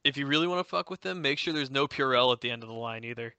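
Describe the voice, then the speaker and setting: A man's voice: medium pitch, very fast, sharp tone, clean tone, dry recording. A man co-hosting a podcast, groaning in exasperation and ranting with profanity. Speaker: podcast co-host. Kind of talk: crude comedic banter.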